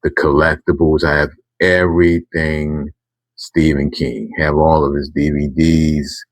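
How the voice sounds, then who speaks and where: Brief: deep middle-aged male storyteller, rambling and emphatic, dry close sound. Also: little pitch movement, unhurried, no echo. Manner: rambling, self-correcting, emphatic. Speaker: channel host telling a story. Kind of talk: casual storytime monologue.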